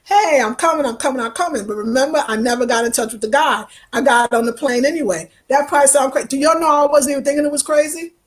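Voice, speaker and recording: High-voiced expressive woman chatting with viewers. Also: fast, few pauses. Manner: expressive, emotional, talks to viewers as y'all. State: tired from travel. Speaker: travel vlogger reading live chat. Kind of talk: casual livestream chat.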